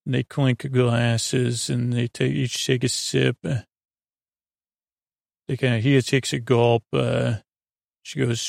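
A man's voice: mid-range voice, flat delivery, slow pace, vocal fry, pauses often, no echo, studio quality. A man hosting a sleep podcast, loosely retelling a TV episode in a rambling, casual way with lots of fillers. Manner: loose, filler-heavy retelling, "he goes, she goes". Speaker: podcast host.

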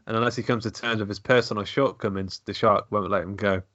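A man hosting a podcast in casual chat, deadpan and playful as he pitches silly plots. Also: quick pace, dry recording. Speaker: podcast host. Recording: dull, dry lo-fi podcast recording.

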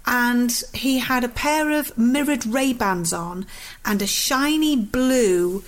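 A northern English woman in her fifties chatting on a podcast, her voice sitting a little high. She tells stories chattily and gets animated when she acts out what people said. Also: slow pace. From northern England. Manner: chatty storyteller, animated when acting out dialogue. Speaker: podcast host. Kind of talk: casual chat.

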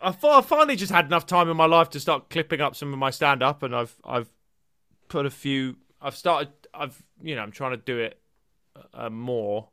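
A man's voice: medium pitch, animated, normal speed, pushed and bright, smooth, no room sound, clean studio sound. A man in his thirties co-hosting a podcast in casual comedic chat, jokey and sweary. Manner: jokey, sweary, does silly voices. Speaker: podcast co-host.

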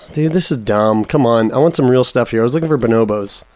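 Joking and cursing freely, this animated male co-host keeps the podcast banter loose. He speaks at medium pitch and normal speed, captured on a dry, close studio mic.

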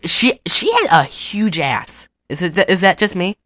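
A woman chatting casually as a podcast co-host, retelling a cartoon with giggles and quick voice impressions. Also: on the low side, very animated, fairly bright tone. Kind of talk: casual chat.

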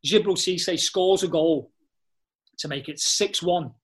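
A man's voice: high voice, measured pace. A man, a former footballer, telling blunt, slang-filled stories in a casual chat. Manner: blunt, swearing, animated storyteller with slang. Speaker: podcast guest, former footballer.

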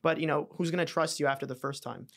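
A man's voice: fairly high pitch, fast. A man from Canada, a comedian guest on a podcast, telling stories in casual, swearing chat. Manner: swearing, storytelling, laughing often.

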